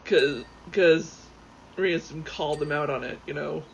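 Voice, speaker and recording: A man rambling excitably as he plays a game, swearing freely and often going off on tangents. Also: a little high, a little slow, creaky. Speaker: gaming YouTuber. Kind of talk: casual commentary while playing. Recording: dull lo-fi sound with faint background noise.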